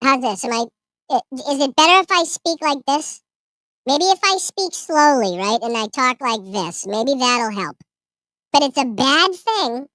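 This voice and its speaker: A man putting on the slow, simple, sing-song talk of a small child who scolds the grown-ups. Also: very high voice, expressive, pushed and bright, dry recording, pitched above the performer's own voice, heavily acted. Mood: mock-earnest. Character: whiny baby-talking small child scolding adults.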